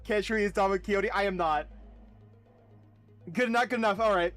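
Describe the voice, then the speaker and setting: A man's voice: high-pitched, normal speed, long pauses, a bit bright, faint music behind. A man streaming a game, chatting casually with his chat, laughing often and now and then reading game dialogue aloud at full speed.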